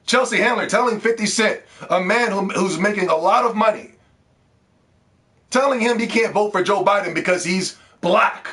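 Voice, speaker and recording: Brief: male gaming vlogger, fired-up profane rant, voice sits a bit high. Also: moderate pace, a bit bright. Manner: heated, profane, repeats words when worked up. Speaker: gaming video host. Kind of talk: ranting video commentary.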